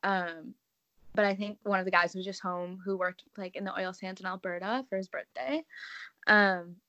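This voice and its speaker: A young woman co-hosting a casual podcast, telling a story in a relaxed way with ums and restarts. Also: medium pitch, normal speed, no echo, muffled recording. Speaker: podcast co-host.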